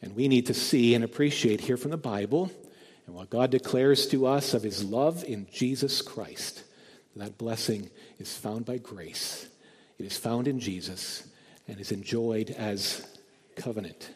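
A man's voice: mid-range voice, expressive, a little slow, a little mellow. A man preaching a sermon in a church, earnest and emphatic, building up to repeated key phrases. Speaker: pastor. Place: church sanctuary. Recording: long hall reverb.

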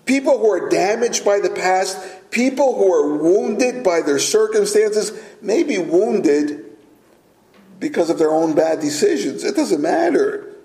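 A middle-aged man preaching a sermon as pastor, earnest and deliberate, with filler words. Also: sits high, expressive, dark tone. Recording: echoey room.

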